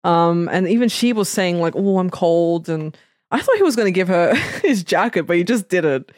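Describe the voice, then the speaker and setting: A woman co-hosting a podcast, recapping a film in casual chat with sudden high-pitched outbursts. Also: big pitch swings, normal speed, dry recording, clean studio sound. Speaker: podcast co-host.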